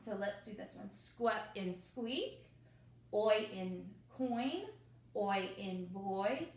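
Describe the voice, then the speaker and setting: A woman teacher, leading young children through a phonics review with slow, drawn-out drills and cheerful asides, recorded at home. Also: mid-range voice. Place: home, at her mother's desk. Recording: echoey room.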